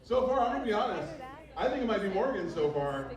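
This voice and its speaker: A man's voice: high-pitched, very animated, quick pace. A man hosting an open mic comedy night, chatting loosely between acts. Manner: loose, chatty emcee patter. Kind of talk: emceeing a comedy show. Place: bar with live audience. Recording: echoey bar, far from the mic, crowd noise.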